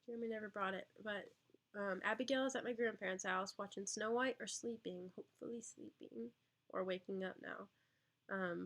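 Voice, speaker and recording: A young vlogger and mother answers viewer questions on a casual live stream in a creaky, mid-range, fairly bright voice. She's chatty, with lots of ums and small laughs, and talks to her baby.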